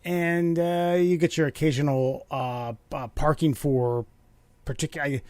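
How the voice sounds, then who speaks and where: A man's voice: on the high side, fairly even intonation, unhurried, darkish tone, no room sound. A man, co-hosting a podcast and telling a rambling story full of swearing and restarts. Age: 30s. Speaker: podcast co-host. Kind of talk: casual chat.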